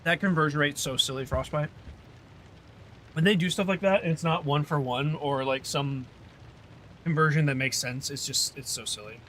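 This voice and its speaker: Male streamer, casual rambling chat, bright and slightly high voice. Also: normal speed, a little hiss or hum. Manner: rambling, chatty, trails off and restarts. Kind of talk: casual livestream chat while gaming.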